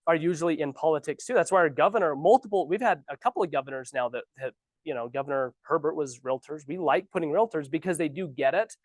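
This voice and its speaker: Give me an animated, sarcastic man coaching new agents in a dry room. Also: a little high, fast, no echo. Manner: animated, ranting, sarcastic asides. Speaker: real estate trainer. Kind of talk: casual training talk. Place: office training room.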